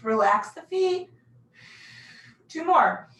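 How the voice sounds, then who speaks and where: A woman leading a pilates class, calmly cueing breaths and moves in a casual, self-deprecating way. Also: very high-pitched, slow. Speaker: pilates instructor. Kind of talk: guided workout instruction. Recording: echoey room, mic far off.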